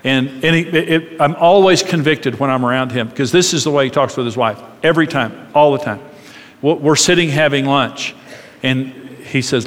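Animated man preaching in a reverberant hall. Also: mid-range voice, normal speed. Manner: animated, acts out voices in his stories. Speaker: marriage speaker. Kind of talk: sermon-style marriage talk.

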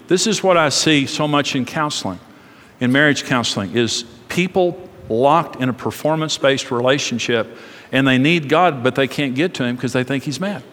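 A middle-aged male pastor preaches with passion, stacking short, emphatic phrases. His voice is bright and sharp. It carries the long echo of a large church hall. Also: medium pitch, normal speed. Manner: impassioned and repetitive, with rhythmic emphatic phrasing. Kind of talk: sermon.

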